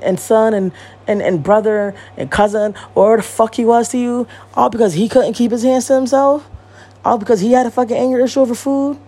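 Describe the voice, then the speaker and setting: A woman in her thirties hosts a podcast in a casual monologue. Her mid-range voice has a dark tone and a breathy edge, and she's blunt, profane, and rambling, often repeating herself.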